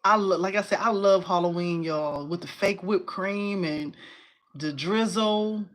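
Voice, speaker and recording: A woman in her forties hosting a casual crafting livestream, chatty and animated, talking to viewers and reading their comments. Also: medium pitch, unhurried. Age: 40s. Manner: chatty and animated, addresses viewers as y'all, laughs often.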